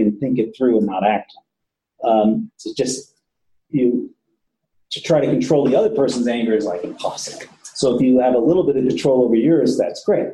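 A man's voice: medium pitch, expressive, normal speed, mellow, echoey room, rough recording. A man who works with patients, giving a casual training talk to police officers and often repeating himself. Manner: conversational, repeats words, casual swearing. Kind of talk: training lecture.

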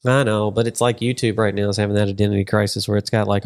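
A man's voice: lowish voice, flat delivery, quick pace. Rambling jokey male podcast host. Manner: rambling, jokey, trails off mid-sentence. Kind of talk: casual chat.

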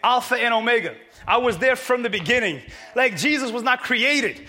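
A man preaching a sermon to a congregation, energetic and often shouting. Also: very high voice, normal speed. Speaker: pastor. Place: church hall with congregation.

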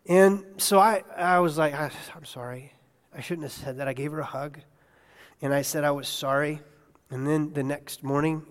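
High-voiced male pastor in a reverberant hall. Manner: conversational, asks the congregation questions; swings from quiet and hushed to loud and excited. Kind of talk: sermon. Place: church sanctuary.

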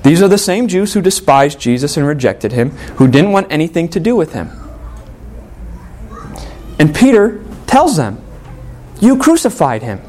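A man preaching a sermon, earnest and emphatic, with dramatic pauses on key words. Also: fairly high pitch, very animated, darkish tone.

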